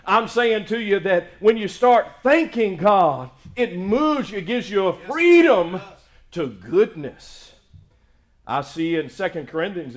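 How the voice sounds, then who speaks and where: High-voiced preacher, emphatic. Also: male voice. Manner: emphatic preaching, rising loud on praise lines, folksy storytelling asides. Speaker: pastor. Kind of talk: sermon.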